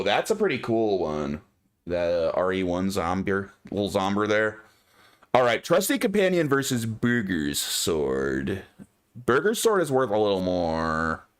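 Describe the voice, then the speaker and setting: Low, lively male game streamer. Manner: chatty, musing aloud to chat. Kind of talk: casual gameplay commentary.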